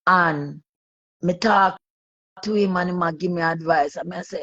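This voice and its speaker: A Jamaican woman calls in to a live stream and earnestly tells her story. Her voice sits low and sounds husky. The call audio is dull and muffled. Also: normal speed, no echo. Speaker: caller. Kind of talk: casual live chat.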